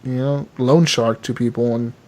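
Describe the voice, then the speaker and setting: A man's voice: mid-range voice, steady tone, moderate pace, a little mellow. A man co-hosting a casual gaming podcast, retelling a story animatedly and swearing freely. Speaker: podcast co-host.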